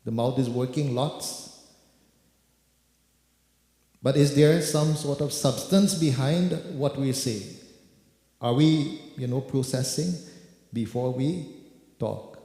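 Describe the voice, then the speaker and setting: A man's voice: mid-range voice, slow, long pauses, dark tone. Echoey male preacher in a temple hall. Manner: addresses listeners as devotees, repeats words for emphasis. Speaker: preacher leading kirtan. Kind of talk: sermon.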